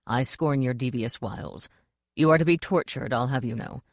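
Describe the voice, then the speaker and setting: A woman voicing a cruel, haughty duchess who hisses and rasps her threats in an audiobook. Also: rumbling low, moderate pace, dry recording, studio quality, pitched below the performer's own voice. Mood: menacing. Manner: hissing, rasping threats.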